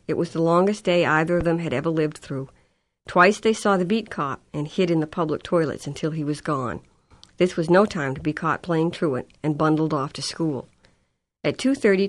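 A woman reading a novel aloud as audiobook narration. Her voice sits fairly low, and she tells the story in a measured, even way. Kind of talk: scripted narration.

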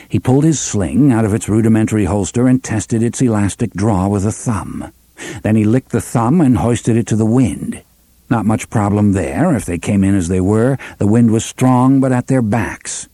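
A man reads an adventure novel aloud in a steady, measured way. His voice is mellow and warm, recorded dry and close with no room sound. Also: lowish voice, no room sound. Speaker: narrator. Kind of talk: audiobook narration.

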